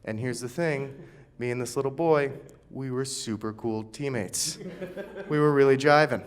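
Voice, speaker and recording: A man in his twenties doing a stand-up set, telling a story with animated delivery and acted-out dialogue. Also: medium pitch, moderate pace. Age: 20s. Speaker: stand-up comic.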